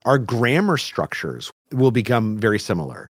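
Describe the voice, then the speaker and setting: A man's voice: mid-range voice, big pitch swings, normal speed, slightly rough, no echo, clean studio sound. A man from the American Southwest, a guest expert explaining communication research in a conversational interview, with frequent "like" and "right?". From Albuquerque, New Mexico, US.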